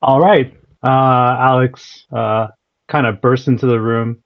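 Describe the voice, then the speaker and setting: A man's voice: mid-range voice, fairly even intonation, takes it slowly. A man describing his role-play character in a hesitant way with many fillers. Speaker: player. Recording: dull online call audio.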